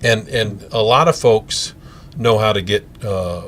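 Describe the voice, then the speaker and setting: A man's voice: fairly low pitch, a little slow, fairly bright tone, slight background noise. A man from Colorado hosting a local TV interview show, asking friendly, chatty, leading questions. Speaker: TV show host.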